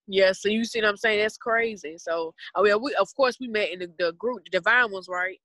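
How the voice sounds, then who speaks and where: A young woman with a Southern US accent talks in a loose, rambling, earnest way, as if in casual podcast chat. Her voice sits at a middle pitch. The sound is dry and close, with no room around it. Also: fairly quick, a bit bright, dry recording. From Southern United States. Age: 20s.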